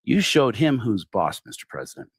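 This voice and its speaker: A middle-aged man hosting a livestreamed satirical sermon, addressing his target with sarcastic, theatrical mock flattery. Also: medium pitch, normal speed, slightly rough, no room sound, clean studio sound. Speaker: host of a secular online congregation.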